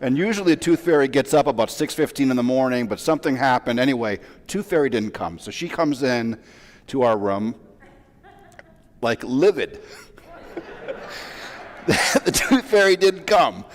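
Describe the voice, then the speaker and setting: A man in his forties, a rabbi, giving a sermon as a relaxed, self-deprecating story full of asides. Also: medium pitch, brisk. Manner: chatty, self-deprecating, with many fillers and asides. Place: large synagogue sanctuary. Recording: long reverb of a large hall.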